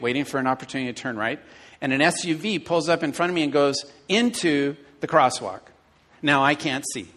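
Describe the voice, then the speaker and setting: A middle-aged man preaching a sermon to his church, telling stories with animated, acted-out inner dialogue. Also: mid-range voice. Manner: animated storytelling, acting out his own inner voice. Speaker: pastor.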